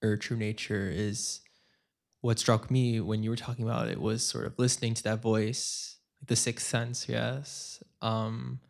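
Man, audience questioner, gravelly with heavy fry, hesitant and searching for words. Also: fairly low pitch, steady tone, unhurried. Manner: hesitant, many fillers and restarts. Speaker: audience member asking a question. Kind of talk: casual question from the floor.

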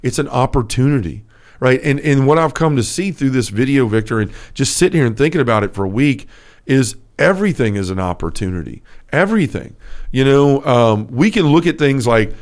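On a Catholic talk show, a male co-host shares a personal story during a casual faith discussion. His medium-pitched voice is very animated and a little quick, and he's earnest and informal, frequently starting his sentences over.

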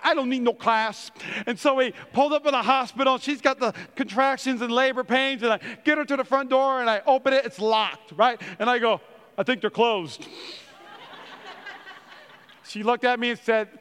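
A man's voice: very high-pitched, clear, resonant tone, in a large hall. A middle-aged man, a pastor, preaching a sermon in a church, telling funny family stories and acting out the quotes in them. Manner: animated storyteller, acts out quotes.

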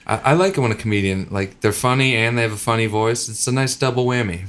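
A man co-hosting a podcast in casual chat, easygoing and dry, with quick asides. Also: medium pitch, a bit bright, clean tone. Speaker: podcast co-host.

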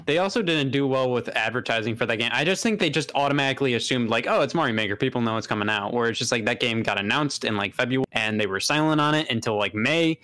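A man co-hosting a casual gaming podcast, opinionated and talking in quick bursts. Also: mid-range voice, sharp tone. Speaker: podcast co-host. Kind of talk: casual chat.

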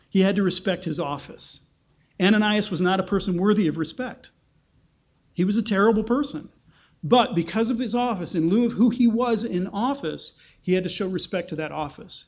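A man's voice: high voice, a little mellow. A man teaching scripture in a sermon, conversational, thinking aloud with restarts and acting out quoted lines with emphasis. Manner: acts out quotes with rising emphasis. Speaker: pastor. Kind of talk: sermon-style Bible teaching.

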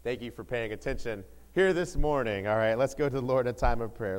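A middle-aged man from Ohio giving a sermon as pastor, upbeat and chatty, with excited whoops between points. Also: medium pitch, brisk, few pauses.

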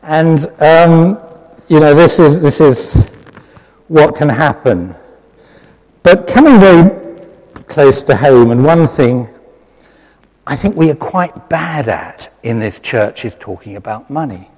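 A British lay preacher giving a conversational, self-deprecating sermon, with many fillers. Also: male voice, fairly high pitch, animated, takes it slowly, long pauses, a little mellow. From Britain. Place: church hall with long reverb. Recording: reverberant church hall.

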